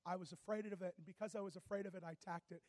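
A man preaching a sermon, telling a personal story and acting out both sides of the dialogue, moving from hushed to loud. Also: sits high, steady tone, rapid-fire, dry recording.

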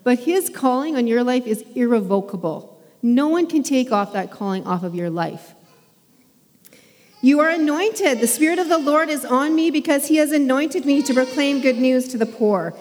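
A woman's voice: high voice, expressive, moderate pace, darkish tone. A woman preaching a sermon in a chatty, conversational way, laughing now and then and using plenty of fillers. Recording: long hall reverb.

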